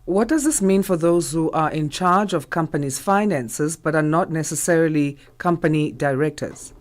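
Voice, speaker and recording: News host, mid-pitched voice, brisk interview questions, radio current affairs.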